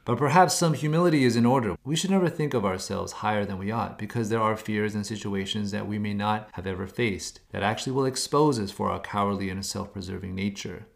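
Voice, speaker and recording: A man's voice: fairly low pitch, a little fast, vocal fry, hardly any pauses. A man giving a scripted devotional reflection, earnest and searching, pressing listeners with questions. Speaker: devotional speaker.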